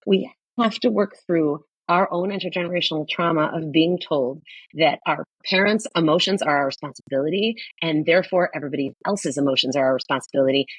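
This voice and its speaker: A woman's voice: fairly low pitch, fairly quick, slightly rough, no room sound, rough recording. A woman, a psychotherapist guest on a podcast, talking emphatically and often repeating her key points. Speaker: guest, social worker and psychotherapist. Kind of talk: podcast conversation.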